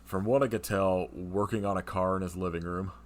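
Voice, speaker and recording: A man's voice: low voice, a little fast, slight background noise. A man co-hosting a podcast, chatting casually about a movie, swearing and laughing often. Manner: profane, laughs often, animated retelling. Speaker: podcast co-host. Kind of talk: casual movie review chat.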